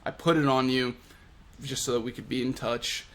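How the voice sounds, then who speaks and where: A man voicing a brooding young male fighter who speaks low, hushed and earnest. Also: fairly even intonation, moderate pace, lightly acted. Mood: grave.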